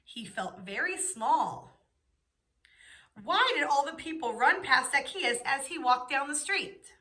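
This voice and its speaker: A woman's voice: sits high, expressive, slow, pushed and bright. A woman teaching young children, patiently asking questions and giving the answers. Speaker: preschool teacher.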